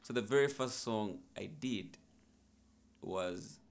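A man's voice: fairly low pitch, slow, slight background noise. A young man, a musician, telling his story in a casual podcast interview in a laid-back, reflective way. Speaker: musician guest.

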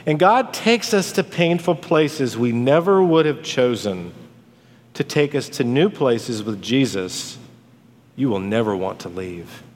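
A man preaching a sermon as a pastor, swinging from dramatic rises to hushed drops on key words. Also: mid-range voice, expressive, a little slow. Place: church sanctuary. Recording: long hall reverb.

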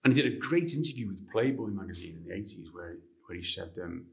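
A man from Liverpool with a Liverpool accent, a guest author telling anecdotes in an interview in an animated way. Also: low voice, fast, creaky, hardly any pauses. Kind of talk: interview storytelling.

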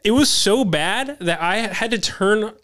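A young man with a high, smooth voice tells a story on a casual podcast. His pitch leaps around as he laughs and mimics the people he describes. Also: lively intonation, unhurried, a bit bright. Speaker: podcast co-host. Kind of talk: casual chat.

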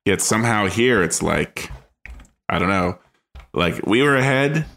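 Gravelly, lively-voiced podcast man. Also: on the low side, soft background music. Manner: rambling, halting speech with fillers. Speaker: podcast co-host. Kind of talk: casual chat.

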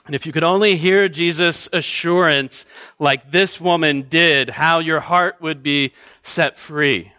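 Male pastor, earnest conversational sermon, bright tone, dull dry recording. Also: a little high, fairly even intonation, measured pace, no room sound. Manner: earnest, conversational preaching with repeated restarts. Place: church.

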